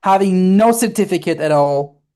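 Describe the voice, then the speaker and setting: A woman's voice: lowish voice, expressive, normal speed, warm tone, clean tone. A woman with an Armenian accent, a teacher co-hosting a casual podcast chat, teasing and playful, with many fillers. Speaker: podcast co-host, English teacher.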